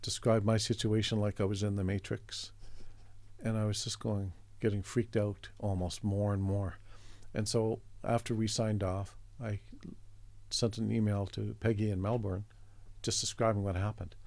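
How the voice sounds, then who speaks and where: Gravelly low-voiced man telling a story. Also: little pitch movement, moderate pace, darkish tone, dry recording. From Canada. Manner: reflective, meandering anecdotes with restarts. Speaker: interview guest, artist. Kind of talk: conversational storytelling.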